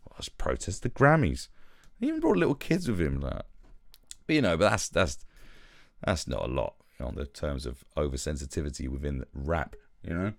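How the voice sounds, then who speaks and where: A man's voice: very deep voice, wildly swooping pitch, moderate pace, vocal fry, dry recording, clean studio sound. A British man hosting a live stream, ranting sarcastically and mocking in casual commentary.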